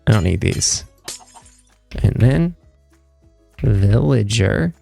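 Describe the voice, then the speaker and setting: Gravelly-voiced young male streamer. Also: fairly low pitch, expressive, very slow, mellow, dry recording, soft background music. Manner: rambling, joking with chat, self-mocking. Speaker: livestreamer. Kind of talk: casual live gameplay chat.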